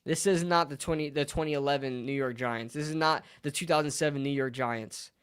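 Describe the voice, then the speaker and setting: A male sports streamer in a fired-up rant. He swears freely and hammers each point with repeated phrases, swinging between shouting outrage and muttered disbelief. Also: on the high side, brisk, clean tone. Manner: heated, profane, repeats lines for emphasis. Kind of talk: live sports reaction rant.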